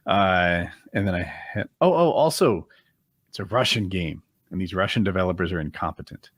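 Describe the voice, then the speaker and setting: A man's voice: low-pitched, lively intonation, moderate pace, slightly rough, no room sound, studio quality. A man hosting a podcast, giving blunt, opinionated takes in casual chat and searching aloud for words. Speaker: podcast host.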